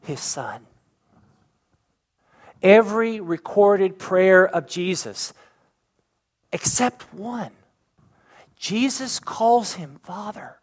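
A man's voice: high voice, slow pace, long pauses. A man preaching a sermon as pastor, building intensity toward emphatic points.

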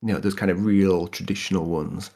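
A man's voice: low-pitched, steady tone, a little fast, warm tone. A man from Yorkshire with a Yorkshire accent, chatting casually about food history, laughing often and restarting his sentences. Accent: Yorkshire English. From Yorkshire, England. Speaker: guest explaining food history. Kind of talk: casual conversational explanation.

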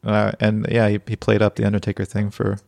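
A man's voice: fairly low pitch, monotone, fairly quick, gravelly, a little mellow, no echo. A man co-hosting a podcast who chats casually and tells anecdotes, laughing often. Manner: chatty storyteller, laughs often. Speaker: podcast co-host. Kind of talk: casual chat.

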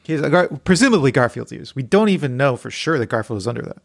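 Gravelly man joking in deadpan. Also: mid-range voice, fast talker. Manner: deadpan joking with stammered restarts. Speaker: podcast co-host. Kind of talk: casual chat.

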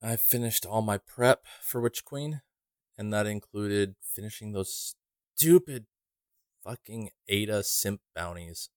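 A man's voice: on the low side, takes it slowly, dry recording, studio quality. A man co-hosting a podcast in casual chat, rambling and wry, swearing now and then. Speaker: podcast co-host.

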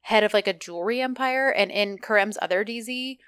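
A woman's voice: medium pitch, a little fast, clean tone, no echo. Casual female co-host, chatty recap, dry close sound. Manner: chatty, animated retelling with quoted lines. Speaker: podcast co-host.

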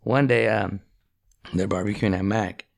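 A man's voice: lowish voice, fairly even intonation, unhurried, gravelly. A man co-hosting a podcast, chatting and telling stories in a laid-back, slangy way and laughing often. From Central California. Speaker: podcast host. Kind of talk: casual chat.

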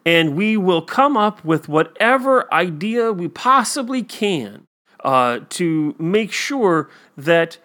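A man's voice: high-pitched, big pitch swings, slow pace, sharp tone. A man co-hosting a casual talk about a TV episode, telling stories with many fillers and acting out the quotes. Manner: rambling storyteller, many fillers, acts out quotes.

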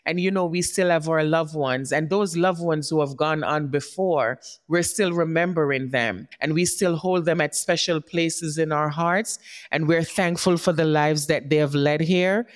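A woman's voice: sits low, moderate pace. A woman hosting a podcast who gives a heartfelt motivational talk. She speaks straight to her listeners and often checks in with "right?". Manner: warm encouraging, speaks directly to listeners, often asks "right?". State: tearing up. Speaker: podcast host.

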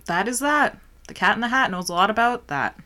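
A woman's voice: on the high side, lively intonation, a little fast, sharp tone. A young woman co-hosting a podcast, bantering playfully and giggling. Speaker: podcast co-host. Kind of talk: casual chat.

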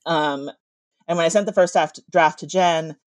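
A woman author telling a story in casual chat, with a slight lisp on her z sounds and lively asides. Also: deep voice, no room sound. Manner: animated storyteller, quick asides.

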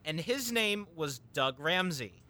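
A man's voice: fairly high pitch, expressive, slow, pushed and bright. A man telling a long, rambling personal story in a casual chat, full of ums and restarts.

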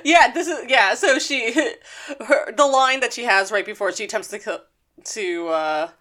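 A woman casually recapping a cartoon episode on a podcast, chatty with quick asides. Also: on the high side, bright, forceful tone. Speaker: podcast co-host.

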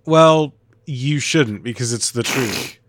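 A man co-hosting a comedy podcast in casual chat, firing off dry, teasing deadpan comebacks. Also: medium pitch, slow, background noise. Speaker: podcast co-host.

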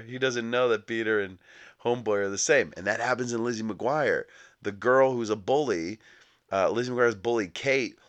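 A man's voice: lowish voice, a bit bright. A young adult man hosting a comedic movie podcast, riffing sarcastically and acting out little scenes. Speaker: podcast host.

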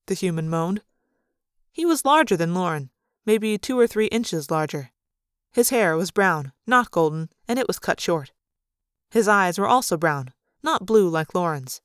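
A woman's voice: on the low side, animated, moderate pace, smooth, no room sound, studio quality. A woman reading a novel aloud, with a small change of voice for each character's lines. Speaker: audiobook reader. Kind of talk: fan read-aloud of a novel.

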